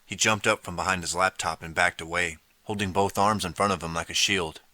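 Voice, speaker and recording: A man narrating a children's audiobook in the first person, steady storytelling. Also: low voice, fairly quick, no room sound.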